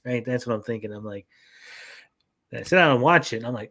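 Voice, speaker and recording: Male co-host and parent, casual and profane, animated storyteller, mid-range voice. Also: medium pitch, a little fast. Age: adult parent. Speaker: podcast co-host. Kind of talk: casual chat.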